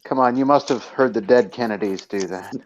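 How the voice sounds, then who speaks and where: A man's voice: mid-range voice, fairly quick. A man in a casual online group chat who explains and corrects others in a matter-of-fact way. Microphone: online call. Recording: muffled lo-fi call audio.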